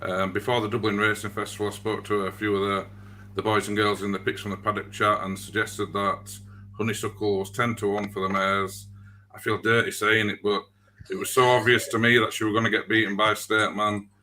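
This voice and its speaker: A man's voice: fairly low pitch, little pitch movement, brisk, sharp tone, a little hiss or hum. A man with a Yorkshire accent giving blunt, confident racing tips in a casual panel chat.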